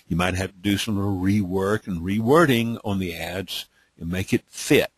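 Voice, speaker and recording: Husky and lowish, this middle-aged man from Texas runs a live training webinar at a moderate pace, with no room sound. His light Texas accent comes through in a drawling, repetitive delivery full of "okay?" check-ins.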